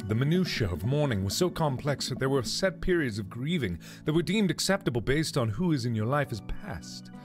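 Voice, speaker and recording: Casting: a man as a lecturing know-it-all, animated pitch, music behind. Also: brisk, hardly any pauses, natural voice. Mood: explaining. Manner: explanatory, lecturing.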